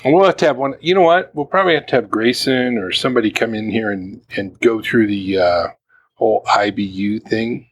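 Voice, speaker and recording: A man co-hosting a beer tasting podcast, chatting casually and telling relaxed stories. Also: fairly low pitch, brisk, slightly rough, muffled recording. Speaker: co-host of a beer tasting show. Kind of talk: casual chat.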